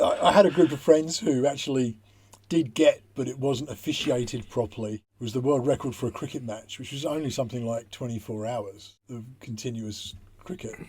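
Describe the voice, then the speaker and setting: A man's voice: mid-range voice, mellow, husky. A man chatting casually on a podcast as co-host, wry and matter-of-fact. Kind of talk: casual chat.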